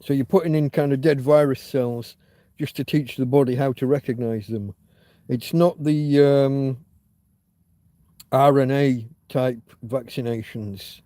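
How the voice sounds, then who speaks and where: A man's voice: medium pitch, fairly even intonation, measured pace, dark tone, dry recording. A man hosting a casual livestream chat, telling a long story with many restarts and fillers, candid and swearing now and then. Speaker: livestream host.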